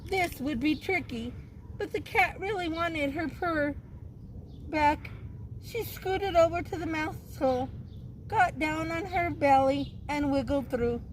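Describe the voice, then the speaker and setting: A woman teacher reads a children's picture book aloud at a slow, careful pace. Her voice sits very high, and she pauses to ask her young listeners questions. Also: a little hiss or hum.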